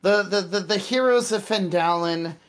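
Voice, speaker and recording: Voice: medium pitch, moderate pace, pitched above the performer's own voice, close to an everyday voice. A game master voicing a friendly, chatty male townsman in a tabletop game.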